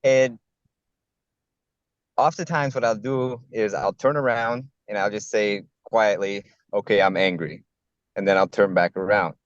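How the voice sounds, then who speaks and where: A man's voice: fairly low pitch, dry recording. A man on a group call explaining his habits, hesitant and searching for words. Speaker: call participant, tradesman. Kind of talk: casual chat on a call. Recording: dull, lo-fi call audio.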